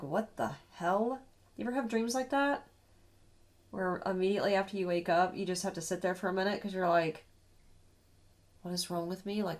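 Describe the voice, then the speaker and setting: A woman beauty vlogger chatting through her makeup routine while ill and tired, rambling in a conversational way. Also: on the low side. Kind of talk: chatty get-ready-with-me.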